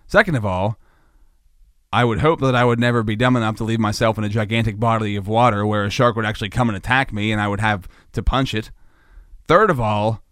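A man hosting a solo comedic podcast, rambling goofily and jumping into high-pitched mock panic. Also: fairly quick, fairly bright tone, no echo, clean studio sound. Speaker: podcast host.

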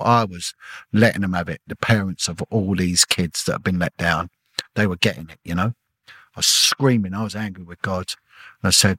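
A middle-aged man, a former detective, telling an emotional personal story in a halting way, repeating words and acting out what people said. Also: sits low, sharp tone, husky, no room sound. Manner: halting, repeats words, acts out quoted dialogue. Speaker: podcast guest, former police detective.

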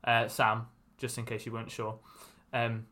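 A man's voice: mid-range voice, monotone, moderate pace, sharp tone. Hesitant man chatting on a podcast. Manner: hesitant, with many ums and uhs, lightly joking asides. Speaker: podcast co-host. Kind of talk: casual podcast chat.

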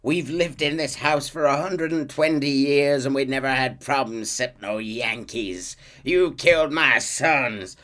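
A man voicing a bitter old Southern matriarch who rants about her losses. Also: sharp tone. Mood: ranting. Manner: ranting, slow and shrill.

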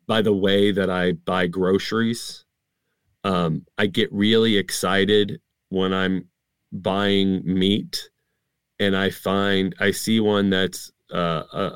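A man's voice: deep voice, smooth, no echo. A man in his thirties, a stand-up comedian, chatting casually and acting out his jokes. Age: 30s. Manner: animated, acts out jokes with quick asides. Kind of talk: casual chat about comedy bits.

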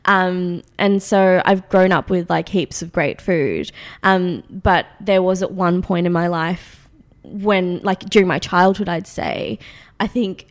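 A woman in her late twenties with an Australian accent, founder of a food magazine, chats as a guest in a casual interview. Her voice is lowish and slow, dotted with frequent ums and light laughter.

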